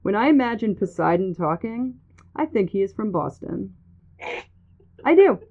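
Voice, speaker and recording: A woman's voice: medium pitch, lively intonation, normal speed. A woman hosting a casual chat, telling stories in a jokey way with lots of laughing. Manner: giggly, jokey storyteller. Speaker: podcast host. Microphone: phone. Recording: tinny phone-like line.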